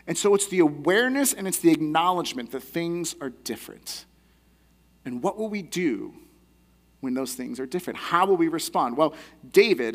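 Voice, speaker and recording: A young adult man giving a sermon as a pastor, teaching in a conversational, earnest way. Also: high-pitched.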